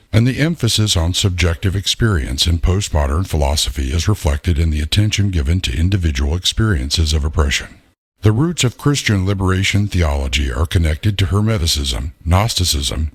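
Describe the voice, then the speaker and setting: A man's synthetic voice reading a scripted essay in a steady, measured way. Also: very deep voice, slightly rough, no room sound. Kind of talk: scripted narration.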